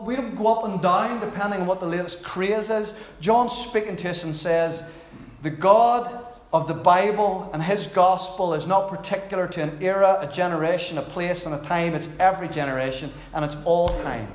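High-voiced man preaching in an echoey hall. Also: moderate pace. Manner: conversational, storytelling, gently humorous. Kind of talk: sermon. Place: church. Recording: roomy hall echo.

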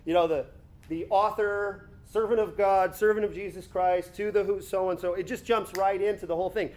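A man preaching a conversational sermon, teaching with rhetorical asides and quick self-corrections. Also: high-pitched, fairly even intonation, a little mellow. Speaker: pastor.

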